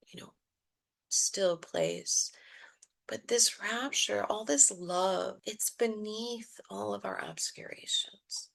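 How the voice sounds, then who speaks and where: A woman who works as a mindfulness coach, telling a personal story in a podcast interview, expressive and reflective. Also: medium pitch, creaky, poor audio.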